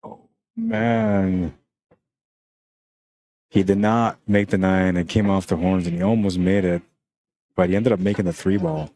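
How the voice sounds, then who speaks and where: A man's voice: low voice, steady tone, brisk, warm tone. A man from Canada with a Spanish accent, giving laid-back, chatty live-stream commentary on a pool match and talking viewers through the shots.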